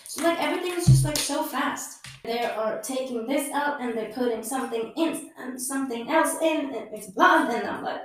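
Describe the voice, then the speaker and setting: A woman's voice: on the high side, moderate pace, hardly any pauses, a little hiss or hum. A woman hosting a podcast, telling a personal story candidly in non-native English, swearing freely and acting out what others said. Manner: candid, swears freely, acts out quoted people. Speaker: podcast host. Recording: very echoey room, mic far off.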